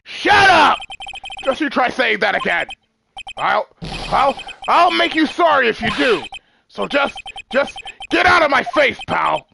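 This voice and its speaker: A woman voicing a gruff, hotheaded male police detective who barks his lines, with game music behind. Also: sits high, animated, fairly quick, noisy background, voice pushed up. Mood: angry. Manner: barking, blustering.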